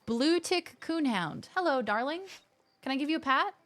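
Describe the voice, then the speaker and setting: Woman streamer, high voice, lively and jokey live game commentary. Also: moderate pace. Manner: animated, jokey, exclaiming at the screen.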